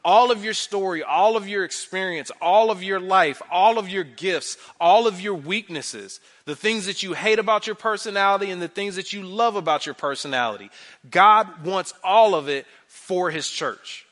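A man in his thirties preaching a conversational sermon, animated, repeating phrases for emphasis and using many fillers. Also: sits high, normal speed. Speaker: pastor.

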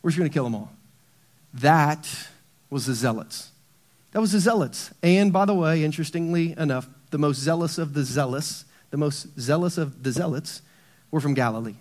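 A middle-aged man preaching a sermon in a church, swinging between hushed low emphasis and loud bursts. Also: moderate pace. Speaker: pastor.

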